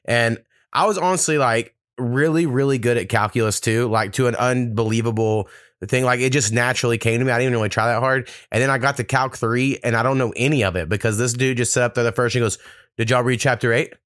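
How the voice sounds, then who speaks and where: Guy rattling off stories quick, cussing, dry close mic. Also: medium pitch, a bit bright, no room sound. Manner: blunt, swears freely, storytelling. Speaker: podcast host. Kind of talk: casual chat.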